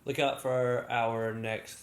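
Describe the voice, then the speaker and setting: A man's voice: mid-range voice, level tone, slow pace, creaky. A man co-hosting a casual reaction chat, laid-back, mostly chiming in with short replies. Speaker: channel co-host. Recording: echoey room.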